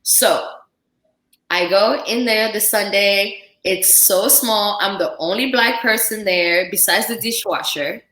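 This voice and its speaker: Lively woman telling a story in an echoey room. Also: medium pitch, slow. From Central Africa. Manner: animated storyteller, acts out dialogue, frequent "like". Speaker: chef, podcast guest. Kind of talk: casual storytelling chat. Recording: roomy, echoey podcast room.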